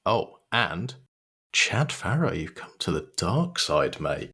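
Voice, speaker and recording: A man's voice: sits low, big pitch swings, slow pace, sharp tone, slightly rough. A British man co-hosting a casual podcast, reading listener messages aloud, laughing and swearing casually. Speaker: podcast co-host.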